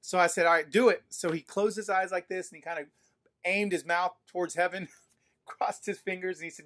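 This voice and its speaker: A man preaching a sermon to an online congregation, telling stories in a playful, animated way and speaking straight to his listeners. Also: high voice, brisk. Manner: animated, playful, addresses audience directly. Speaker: pastor. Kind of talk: sermon storytelling. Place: livestream during quarantine.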